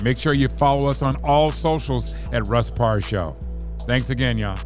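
A man's voice: mid-range voice, normal speed, over music. A man hosting a podcast, delivering an indignant, sarcastic political rant with heavy emphasis. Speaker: podcast host.

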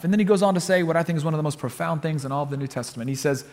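High-voiced male preacher in a reverberant hall. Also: rapid-fire, hardly any pauses. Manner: lively storytelling, repeats words for emphasis. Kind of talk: sermon. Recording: long reverb of a big hall.

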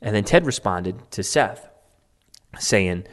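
A man gives loose, off-the-cuff commentary at an ordinary mid pitch. His tone is sarcastic and mocking, and he rambles with plenty of "um" and "like" fillers. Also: big pitch swings, a little slow. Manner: sarcastic and mocking, sometimes laughing. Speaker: political commentator. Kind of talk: casual commentary reading out online posts.

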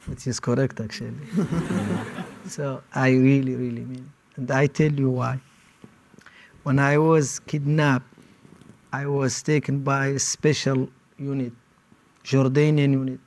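A man giving personal testimony as an interviewee, speaking in short, halting phrases. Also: mid-range voice, steady tone. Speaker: interviewee recounting detention.

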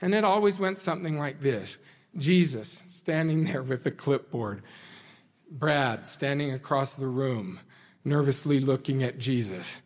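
A man delivering a sermon to a congregation, earnest and measured, with dramatic slow pauses. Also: mid-range voice, animated. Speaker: speaker addressing a congregation. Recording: hall reverb.

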